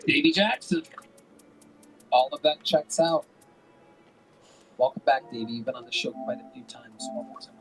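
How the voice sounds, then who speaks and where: A man's voice: medium pitch, normal speed, long pauses, faint music behind, low-quality recording. Joking male comedy show host. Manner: loose, joking banter with guests. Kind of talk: live comedy show hosting.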